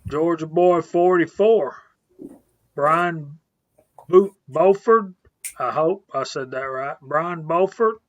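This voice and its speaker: A man's voice: fairly high pitch, slow pace, no echo, muffled recording. A man hosting a casual live stream, laid-back, reading out viewers' names one after another.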